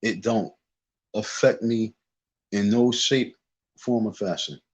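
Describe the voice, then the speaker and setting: Speaking slowly in a fairly low voice, this man delivers a casual rant on his livestream. He keeps hammering the same points emphatically, dismissive as he drags his insistence on.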